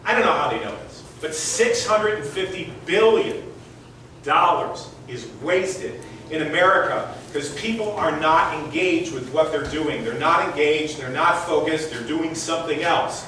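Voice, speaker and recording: A man in his sixties tells stories to a hall audience, conversational and direct, with a fairly high voice for a man. The sound echoes heavily around a large room and is picked up from far off the mic, with faint background noise. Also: expressive, unhurried, pushed and bright. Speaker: motivational speaker. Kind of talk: storytelling talk on stage.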